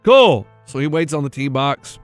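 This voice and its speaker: A man's voice: mid-range voice, animated, moderate pace, no echo, faint music behind. A man co-hosting a radio show, telling a story in casual chat and acting out the other people in it. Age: middle-aged.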